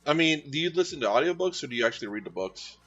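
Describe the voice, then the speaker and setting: A man's voice: a little high, sing-song, very fast, a bit bright, soft background music. A man streaming as he paints miniatures, chatting casually with viewers in a rambling, easygoing way with many fillers and restarts. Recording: dull, slightly lo-fi sound.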